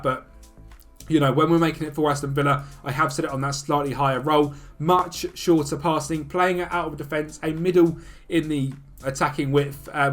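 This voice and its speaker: Male video host, casual commentary, chatty and upbeat, slightly high voice. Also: fairly bright tone. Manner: chatty, upbeat, talks fast through stats. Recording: faint music behind.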